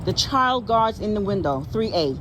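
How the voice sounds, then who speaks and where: A woman's voice: mid-range voice, expressive, moderate pace, noisy background. A tired woman walking with a cane outdoors among housing buildings, vlogging on her phone and indignantly repeating her complaints. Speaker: public housing tenant. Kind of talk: casual vlog filmed on a phone. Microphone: handheld phone.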